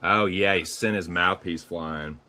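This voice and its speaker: A man's voice: low-pitched, a little slow, pushed and bright. A man with a Southern US accent calling live fight action play by play, casual and profane. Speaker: play-by-play commentator.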